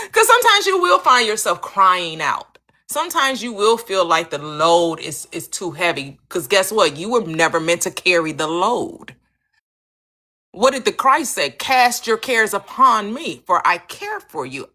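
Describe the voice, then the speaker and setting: A woman's voice: sits high, pushed and bright. A woman host teaching manifestation in an emphatic, preachy way, firing off repeated rhetorical questions on a live stream.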